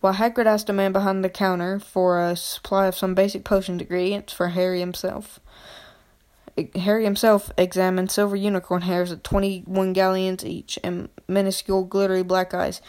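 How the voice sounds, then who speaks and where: A woman's voice: mid-range voice, level tone, normal speed, darkish tone. A woman reading a novel chapter aloud in an unpolished way, with frequent slips and restarts. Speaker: reader.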